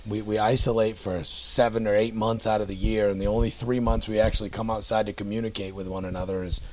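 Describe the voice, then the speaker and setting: A man's voice: lowish voice, little pitch movement, fast talker, a little hiss or hum. A man with a Down East Maine accent, grumbling and swearing his way through casual banter with friends. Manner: grumbling, swears freely, does exaggerated local impressions.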